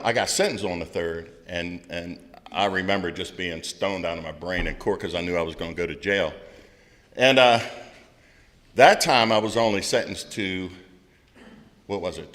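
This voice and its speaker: A middle-aged man gives a candid recovery share in a loud, blunt storytelling manner. His voice is bright and forceful, and it rings with a long hall reverb. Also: deep voice. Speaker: speaker at a recovery meeting.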